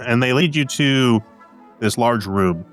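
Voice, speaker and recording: A man's voice: mid-range voice, a little slow, faint music behind. A tipsy man narrating as game master of a tabletop game, casual and loose.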